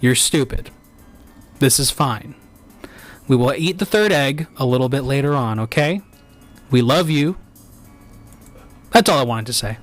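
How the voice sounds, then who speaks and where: A man's voice: medium pitch, animated, a little slow, pauses often, faint music behind. A man hosting a comedy live stream, bantering in a mock-earnest, theatrical way. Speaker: host.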